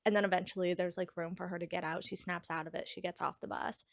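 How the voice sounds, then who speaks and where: A young woman book vlogger casually recaps a novel's plot, chatty and lively, filling her retelling of scenes with "like." Her fairly low, gravelly voice moves fast, recorded with studio quality and no echo.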